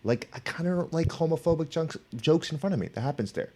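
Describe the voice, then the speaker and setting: His voice is a little high and his delivery fast. The middle-aged man, an author and professor guesting on a podcast, tells stories in conversation with animation, acting out the characters he quotes.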